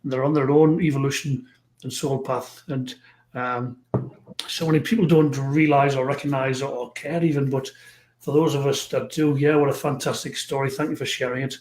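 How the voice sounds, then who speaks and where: A man hosting a live stream, chatting with a guest and reading out viewer comments in a halting, friendly way. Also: medium pitch, fairly even intonation, a little mellow. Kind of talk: casual interview chat. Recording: roomy echo.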